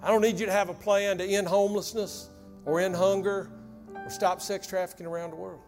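A man preaching a sermon as pastor, telling a folksy story that sinks into hushed intensity. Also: high voice, little pitch movement, a little fast. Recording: long hall reverb with faint music.

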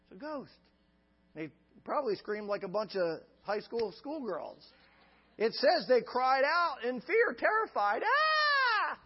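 A man's voice: very high voice, big pitch swings, unhurried, slightly rough. A male pastor preaching a sermon with an emphatic, repetitive cadence. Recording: dull lo-fi sound with long reverb.

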